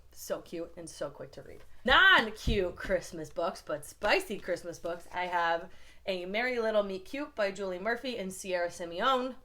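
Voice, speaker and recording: A woman's voice: fairly low pitch, fairly bright tone. A young woman from the United States reviewing books in a casual vlog, chatty and gushing, with lots of "like" fillers. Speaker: book reviewer. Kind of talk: casual book recommendation vlog.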